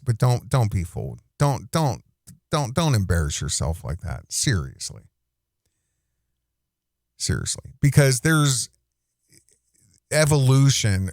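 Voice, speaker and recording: A man's voice: medium pitch, a little mellow, no echo, studio quality. A man hosting a casual reaction commentary, rambling and indignant, with many restarts. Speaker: commentary host.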